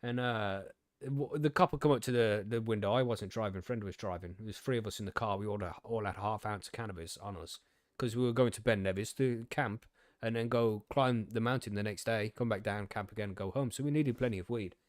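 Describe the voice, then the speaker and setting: A man's voice: lowish voice, fairly quick, no room sound, clean studio sound. A young man from the UK hosting a podcast, telling stories and reading news in a casual, laughing, swearing way. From United Kingdom. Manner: swearing, laughing, gobby storytelling. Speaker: podcast host.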